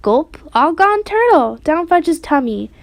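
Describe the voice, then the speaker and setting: A woman's voice: extremely high pitch, big pitch swings, takes it slowly, creaky, dry recording, voice pushed up, heavily acted. A woman voicing a mischievous toddler boy who talks in short, babyish, sing-song bits. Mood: impish.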